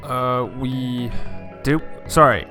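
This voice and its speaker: A man plays in a tabletop game, hesitant in his speech and laughing often. He talks very slowly, and soft music plays faintly in the background. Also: medium pitch, steady tone. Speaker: player. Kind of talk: casual chat.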